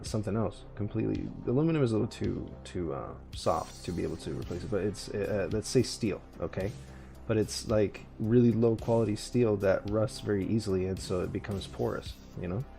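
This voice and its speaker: A man's voice: lowish voice, moderate pace, vocal fry, warm tone, soft background music. A man co-hosting a radio show, chatting casually and rambling with lots of fillers, restarts and swearing. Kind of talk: casual chat.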